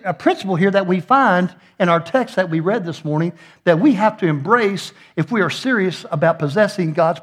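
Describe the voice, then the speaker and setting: Middle-aged pastor, high voice, folksy sermon with jokes. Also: male voice. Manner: folksy, joking storyteller with playful asides.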